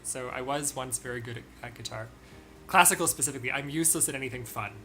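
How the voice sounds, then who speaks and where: A co-host speaking in a casual Q&A chat, with quick, self-deprecating chatter. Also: mid-range voice, sharp tone, a little hiss or hum. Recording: faint music in the background. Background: faint background music.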